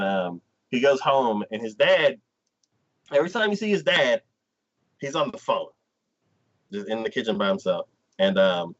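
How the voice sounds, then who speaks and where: A man co-hosting a casual anime talk stream, retelling scenes with lively enthusiasm. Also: medium pitch, lo-fi sound. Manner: animated storyteller who acts out scenes. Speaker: co-host.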